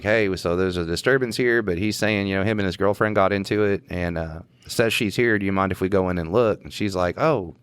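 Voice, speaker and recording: A man with a drawl, a police officer co-hosting a podcast, telling a work story in a relaxed, slangy way. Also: low-pitched, no echo. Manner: laid-back drawl, chuckling, slangy. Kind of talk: casual storytelling chat.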